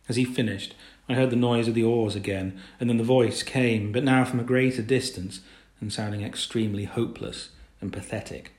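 A man narrating a story in a measured, low-key reading. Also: fairly even intonation, darkish tone. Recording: roomy echo.

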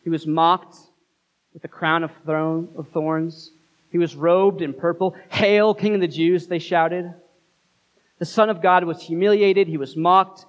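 Man, pastor, sermon, earnest, dramatic pauses, slightly dull recording. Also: fairly high pitch, little pitch movement.

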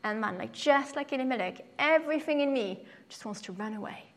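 Animated woman preaching with a story. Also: brisk, big-room sound. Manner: animated storyteller, acts out voices with sudden high pitch. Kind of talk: personal story in a sermon.

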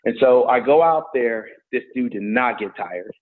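A middle-aged man, a former college wrestler and coach, tells stories in an interview in a relaxed, rambling way with many fillers. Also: medium pitch, normal speed. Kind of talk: storytelling in an interview. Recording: tinny phone-like line.

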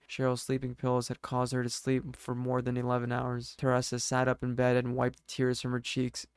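A flat, smooth-voiced male narrator. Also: mid-range voice, dry recording. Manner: measured, steady reading. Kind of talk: scripted story narration.

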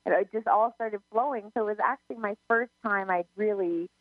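A woman's voice: mid-range voice, brisk, no room sound, faint music behind. A woman who gives psychic readings, chatting casually as co-host and telling stories with many restarts and quotes of herself. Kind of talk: casual radio chat. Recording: narrow phone-line sound, dry.

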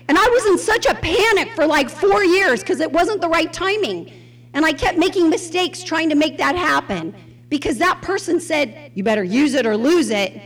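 A high-pitched woman delivers a sermon full of personal stories. She talks in an animated way and laughs often. She acts out the voices of people she quotes. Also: normal speed, long reverb tail. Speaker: speaker at a women's Bible study. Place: Houston church gathering.

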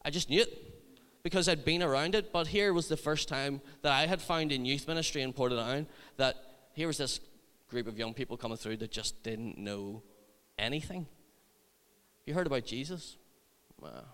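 A man's voice: medium pitch, normal speed, a bit bright, clear, resonant tone. Male youth preacher, chatty and funny, resonant voice with long hall echo. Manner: humorous, chatty anecdotes. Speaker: youth ministry leader. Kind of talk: sermon storytelling.

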